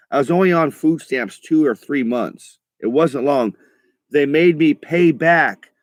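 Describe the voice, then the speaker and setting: A man's voice: medium pitch, no room sound. A middle-aged man talks straight to his viewers in a loose, rambling rant. He swears a lot and trips over his own sentences, backing up to start again. The sound is dry and close, with no room around it. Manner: profane, halting, restarts often. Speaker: vlogger. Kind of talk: casual rambling monologue.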